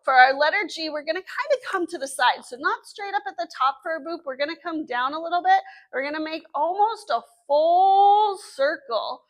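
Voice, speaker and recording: A woman's voice: very high voice, lively intonation, normal speed, hardly any pauses. A woman with a Southern US accent leading a children's story time as librarian, with an encouraging sing-song teacher voice.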